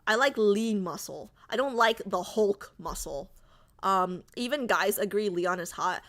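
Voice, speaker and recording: Bright, animated woman streamer. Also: mid-range voice, measured pace. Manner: chatty and giggly, reading viewer comments aloud. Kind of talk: casual chat on a livestream.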